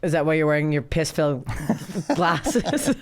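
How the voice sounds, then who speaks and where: A woman's voice: low-pitched, animated. A woman in her thirties hosting a comedy podcast, telling rambling stories between bursts of laughter. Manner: fast, rambling, laughing storyteller. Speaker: podcast host. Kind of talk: casual comedy podcast chat.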